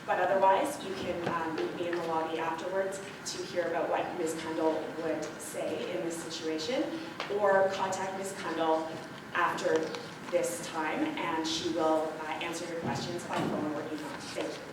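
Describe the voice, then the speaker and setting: Female stand-in at a forum, halting delivery; distant, hissy hall recording with lots of echo. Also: sits low, level tone. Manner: halting, with fillers and repeats. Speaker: stand-in for an absent candidate. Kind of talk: public statement. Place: large hall, recorded from far. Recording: echoey hall from far off, noisy.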